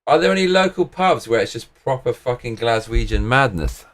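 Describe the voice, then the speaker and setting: Sweary British man, lively pitch. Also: normal speed. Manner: rambling, sweary, jokey slang. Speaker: live-stream host. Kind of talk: casual live-stream chat.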